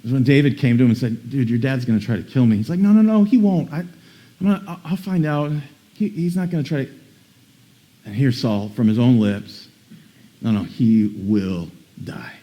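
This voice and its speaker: Animated man preaching a sermon. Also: mid-range voice, brisk. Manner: animated, reads scripture then comments with dramatic emphasis; casual asides with repeated word restarts. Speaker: pastor.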